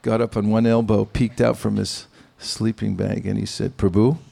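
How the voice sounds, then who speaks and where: A man giving a devotional sermon, speaking in a measured, pausing way with gentle humor. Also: lowish voice, little pitch movement, creaky, slight background noise. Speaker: spiritual teacher. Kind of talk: sermon with anecdotes.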